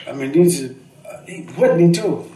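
A man's voice: on the high side, lively intonation, slow, a little hiss or hum. An older man, a veteran poet, telling rambling, emphatic and profane stories in an interview, often ending his sentences with "man.". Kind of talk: candid interview storytelling. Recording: echoey room, distant mic, faint ambience.

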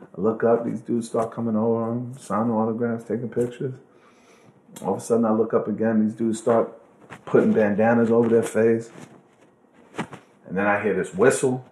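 A man telling a lively anecdote on a podcast, acting out other people's voices and swearing freely. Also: mid-range voice, normal speed, pauses often, a little hiss or hum. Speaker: podcast guest. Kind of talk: animated storytelling. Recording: roomy echo.

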